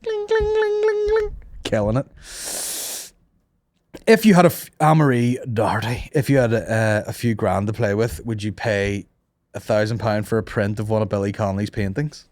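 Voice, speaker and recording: A man's voice: on the low side, normal speed, darkish tone, no room sound. A man hosting a comedy podcast, telling stories in casual, sweary banter and slipping into mock voices. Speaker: podcast host.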